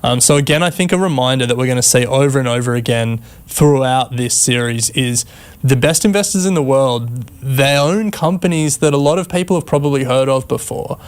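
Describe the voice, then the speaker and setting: Smooth-voiced man, casual podcast chat. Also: medium pitch, fairly quick. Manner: chatty, laughs often. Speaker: podcast co-host.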